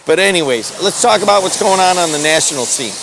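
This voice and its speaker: A man's voice: high-pitched, lively intonation, fast, vocal fry, background noise. A middle-aged man hosting a morning radio show, talking in a rambling, folksy, jokey way outdoors. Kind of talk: casual talk radio monologue. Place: outdoors in the snow.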